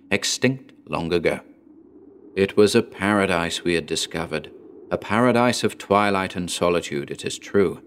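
Deep-voiced man narrating a horror tale. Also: slight background noise. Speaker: audiobook narrator. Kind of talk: scripted narration.

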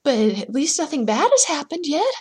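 A woman voicing a startled young man in a storybook tale, nervous, stammering and shouting. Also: sits high, very animated, normal speed, pitched above the performer's own voice.

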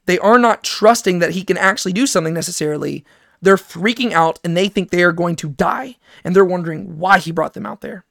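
A man's voice: sits high, brisk, gravelly, a bit bright, dry recording, studio quality. A man teaching a Bible study in a casual, conversational way, often checking in with "right?". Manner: conversational, keeps asking "right?".

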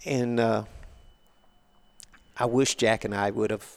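A man's voice: on the low side, steady tone, slow, darkish tone. An older man, a guest on an interview show, telling rambling, colloquial stories in a casual way. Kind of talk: casual storytelling.

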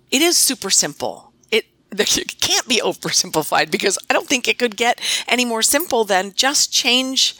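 A woman's voice: mid-range voice, pushed and bright, no echo. A middle-aged woman veterinarian and practice owner, speaking as a podcast guest in an emphatic, coaching way.

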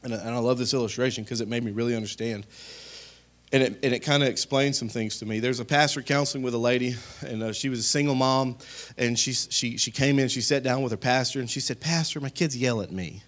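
A man preaching a sermon as pastor, talking straight to his congregation in a conversational way, rising to loud emphatic peaks and dropping to quiet asides. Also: medium pitch, fairly even intonation, fast. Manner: conversational, addresses the congregation directly.

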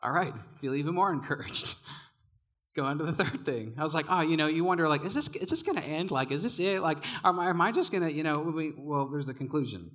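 A young man delivering a sermon to students, animated and self-mocking, laughing at his own failures as he tells a story. His voice sits a little high for a man and jumps up when he acts out his younger self. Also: fairly quick. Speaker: youth pastor.

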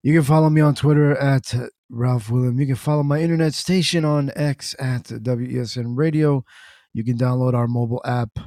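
A man hosting an internet radio talk show, chatting in a relaxed, conversational way. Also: medium pitch, brisk, dry recording, studio quality. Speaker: podcast host. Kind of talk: casual talk show chat.

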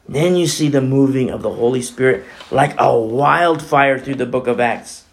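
A man preaching a sermon as pastor, animated and conversational, swinging between loud and hushed. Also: medium pitch, moderate pace, hardly any pauses. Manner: conversational, with many fillers like "you know" and "like".

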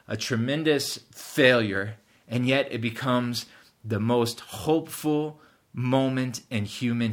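A man's voice: mid-range voice, fairly bright tone. A man preaching a sermon earnestly, rising in emphasis at key points. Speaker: pastor.

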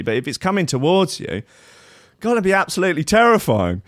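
A man's voice: mid-range voice, sing-song, brisk, fairly bright tone, dry recording, clean studio sound. A man hosting a live radio show, chatting in a rambling, irreverent way with plenty of swearing. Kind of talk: casual live radio chat.

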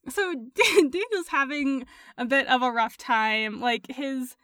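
A playful, animated woman co-hosts a podcast and talks casually, laughing often. Her voice sits a little high. The recording is dry and close. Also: takes it slowly, clear, resonant tone, dry recording. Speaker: podcast co-host. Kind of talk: casual chat.

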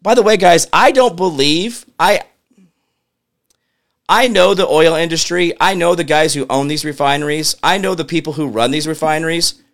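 A man's voice: on the high side, moderate pace, a bit bright. A man hosting a political commentary show, ranting in an exasperated way and firing questions at his audience. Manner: mutters to himself while working a computer. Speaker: show host.

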